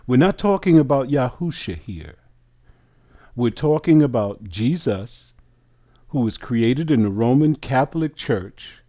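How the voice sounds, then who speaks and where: Male bible teacher, unhurried and deliberate, dark mellow tone, reads definitions aloud. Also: medium pitch, animated. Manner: addresses listeners as brothers and sisters. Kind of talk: slow scripture study teaching.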